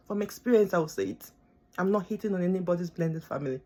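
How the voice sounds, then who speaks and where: A young woman born outside the country she now lives in, a student and vlogger, rants emotionally to camera in a pleading, impassioned way, repeating herself for emphasis. She talks fast, with a fairly low, dark-toned voice and lively intonation.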